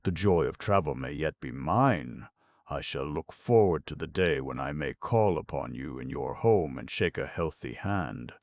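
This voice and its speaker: A man's voice: very deep voice, animated, a little slow, a little mellow, no echo, exaggerated voice. A man voicing a courtly older police detective in an audiobook, speaking in formal, flowery phrases with clipped grammar. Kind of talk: audiobook narration.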